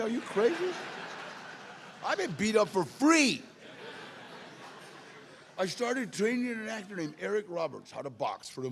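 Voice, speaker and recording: A man's voice: medium pitch, creaky. An older man telling his recovery story at a twelve-step meeting, acting out the dialogue. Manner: streetwise storytelling, acts out dialogue. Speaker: AA speaker.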